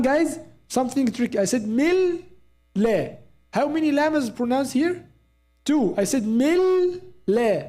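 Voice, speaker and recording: A Quran recitation teacher giving a live class at a mosque, repeating example sounds slowly and checking in with students. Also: mid-range voice, mellow.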